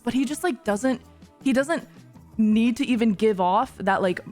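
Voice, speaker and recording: A woman streamer chatting casually while reacting to a show, gushing, giggly and excitable, with frequent swearing. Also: a little high, a little slow, faint music behind.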